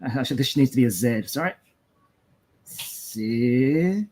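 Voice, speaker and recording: A man's voice: medium pitch, lively intonation, slow pace, a little mellow. A man with an Australian accent, chatting casually on a livestream while drawing, often trailing off mid-sentence. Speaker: comic artist drawing live on stream.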